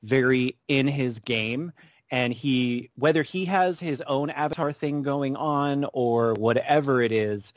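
A man co-hosting a casual podcast chat, animated and quick to laugh. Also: mid-range voice, no echo. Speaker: podcast co-host.

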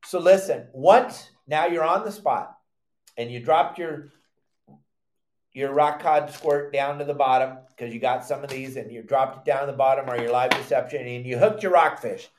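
An older man hosting a live fishing show, teaching in an animated, loud way with surfer slang. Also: mid-range voice, moderate pace, echoey room. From Southern California.

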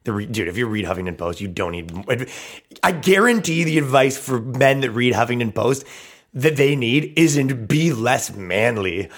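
A man's voice: medium pitch, expressive, normal speed. Brash, profane male podcast host. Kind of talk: crude ranting podcast talk.

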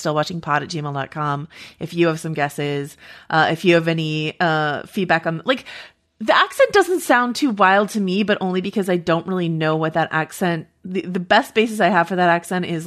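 A woman co-hosting a podcast in casual chat, chatty and quick to laugh, wandering into asides. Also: sits low, a bit bright. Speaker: podcast co-host.

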